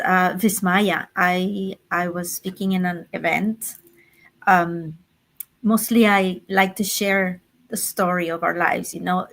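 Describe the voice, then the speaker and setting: A woman who speaks at events tells a personal story on a panel show. She is earnest, talks with frequent halting pauses and laughs often. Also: mid-range voice, fairly bright tone. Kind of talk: casual chat.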